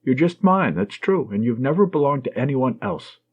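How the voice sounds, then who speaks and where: Reading aloud from an audiobook, a man plays a young woman nurse with a teasing, loving manner. The voice is husky, medium in pitch and slightly raised, with lively rises and falls at normal speed. The lo-fi audio is dull and the tone tender.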